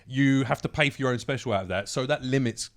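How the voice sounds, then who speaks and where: A man guesting on a podcast, rattling through his stories at a quick clip with plenty of swearing. His pitch sits in an ordinary middle range, and he talks in a lively, animated way. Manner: swears freely, animated storytelling. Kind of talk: casual podcast chat.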